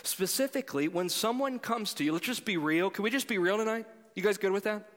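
A pastor preaching a sermon in a conversational way, moving between loud appeals to the congregation and quiet storytelling. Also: male voice, high voice, brisk, long reverb tail.

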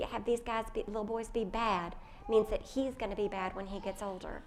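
A woman speaks to a room of mothers. She tells a family story and grows animated when she quotes her younger self, over faint background noise. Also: medium pitch. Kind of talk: personal talk to mothers.

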